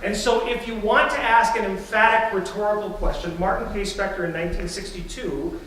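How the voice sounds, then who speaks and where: A man's voice: high voice, a little fast, a bit bright, slight background noise. A man preaching a sermon as a pastor in a church, telling stories in a conversational way. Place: church sanctuary. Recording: very echoey church, distant mic.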